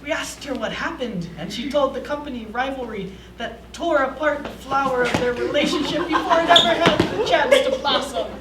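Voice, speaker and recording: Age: 70s. Figure: a performer doing a courtly old grandpa. Pitch: high. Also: normal speed, hardly any pauses, close to an everyday voice. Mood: earnest. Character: genteel old man with pickleball paddle. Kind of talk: staged reading. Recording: echoey room, distant mic, noise.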